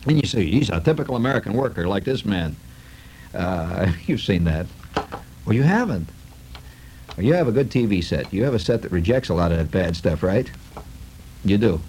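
A man's voice: low-pitched, normal speed, pauses often, a little hiss or hum, poor audio. A man in a comic monologue, telling stories with sarcasm and lots of fillers. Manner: animated, sarcastic storytelling with many fillers.

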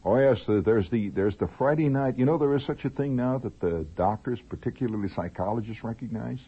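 The radio host speaks with a Midwestern American accent in a husky, medium-pitched voice, going a little fast. His late-night monologue rambles through stories with asides and chuckles, and the recording is a tinny old broadcast with faint music.

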